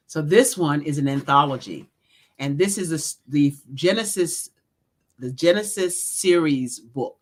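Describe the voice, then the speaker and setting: A middle-aged woman, an executive coach and author, speaking as an interview guest in an earnest, measured way. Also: low voice, animated. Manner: earnest, measured, lists things.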